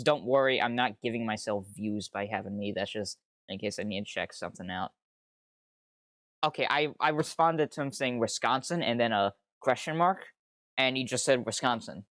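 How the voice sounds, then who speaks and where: A man's voice: mid-range voice, fairly bright tone, no echo, studio quality. A young man streaming casually, rambling and easily sidetracked, swearing freely with exasperated outbursts. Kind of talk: casual live-stream commentary.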